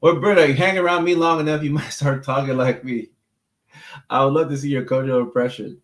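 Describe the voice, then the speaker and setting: A man's voice: mid-range voice, steady tone, fairly quick, reverberant. Easygoing man chatting on a livestream. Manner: easygoing and talkative, repeats words while thinking. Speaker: mental health clinician hosting a livestream. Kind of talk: casual livestream chat answering viewer comments.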